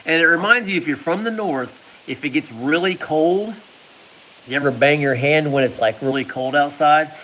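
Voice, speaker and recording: A man's voice: on the high side, moderate pace, a bit bright, slight background noise, low-quality recording. A man telling a casual personal story, laughing often and making sound effects. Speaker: vlogger.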